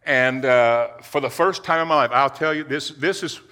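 Male preacher, forceful tone, stumbling earnest testimony, reverberant hall. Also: mid-range voice. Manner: earnest, halting, with many restarts. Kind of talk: personal testimony sermon.

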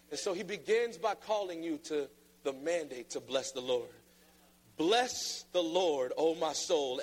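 A man preaching a sermon, playful and then emphatic, often mimicking flat reading voices. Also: high-pitched. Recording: long reverb of a large hall.

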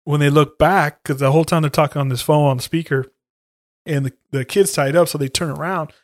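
A man's voice: on the high side, fairly even intonation, brisk. A young man, retelling scenes in a casual, profane, slangy chat.

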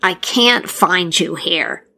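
A creeping female plague spirit, as a woman storyteller puts her on, lifting her voice high above the narration and stretching every word. She sounds unhurried and considering, like an eerie presence in a spoken folktale. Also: big pitch swings, sharp tone, exaggerated voice. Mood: musing. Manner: slow, drawn-out, considering. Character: Pesta, female plague spirit, slow and deliberate.

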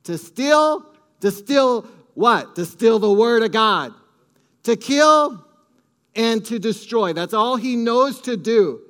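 Emphatic high-voiced male preacher. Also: lively intonation, slow, fairly bright tone. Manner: emphatic, leads congregation in call-and-response. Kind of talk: sermon.

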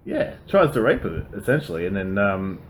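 A man co-hosting a casual podcast chat, recapping a film's plot in a loose, animated way and laughing often. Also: low voice, moderate pace, slight background noise. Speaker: podcast co-host.

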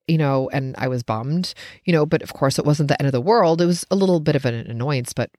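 A woman hosting her own show, telling a personal story in a casual, animated way, laughing often and jumping up in pitch when she gets excited. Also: fairly quick, no room sound, studio quality. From United States.

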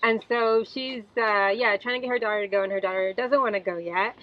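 A young woman, a mother, telling a personal story in a gentle, reflective way, later reading a prayer. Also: medium pitch, brisk. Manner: gentle, reflective, with soft fillers. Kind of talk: casual storytelling monologue. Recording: slightly dull, faint background hiss.

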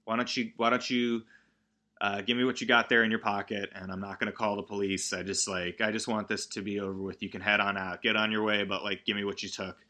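A man doing a weary deli owner, lower voice. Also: little pitch movement, fairly quick, bright, forceful tone. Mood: tired. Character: weary middle-aged male deli owner.

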